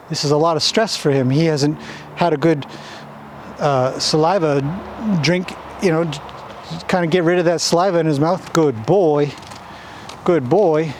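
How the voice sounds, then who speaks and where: A man working a horse outdoors, explaining his steps in a gentle, chatty way and soothing the animal. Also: a little high, slight background noise. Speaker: horse trainer. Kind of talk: instructional commentary while training. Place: outdoors in a horse pen near a road.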